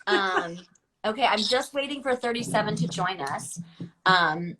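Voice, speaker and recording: A woman from the Chicago area hosts a live online wine tasting from her home kitchen over a video call, chatty and upbeat, thinking aloud about the setup as she goes. Her medium-pitched voice is expressive and moves at a normal speed, with a crowd audible in the background.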